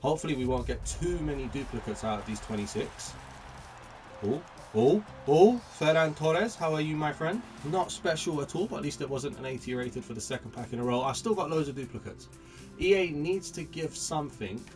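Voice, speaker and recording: Excitable man opening game packs. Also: fairly high pitch, a little fast, far from the mic, faint music behind. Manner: excitable, chatty, greets each player card like a friend. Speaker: gaming YouTuber. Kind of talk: pack-opening commentary.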